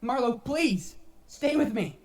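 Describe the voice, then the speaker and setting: A woman voicing a lovesick male parasite in a game, soft and pleading. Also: on the high side, expressive, slow pace. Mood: tender pleading.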